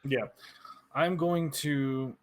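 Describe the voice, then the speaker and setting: A man's voice: medium pitch, fairly even intonation, extremely slow. A man playing in a tabletop game, talking casually and thinking aloud as he decides what his character does. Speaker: player.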